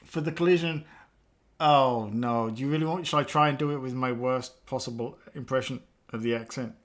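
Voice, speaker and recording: A man's voice: medium pitch, a little fast. A man, chatting casually with live chat viewers while he works, joking around and laughing often. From England. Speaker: live streamer.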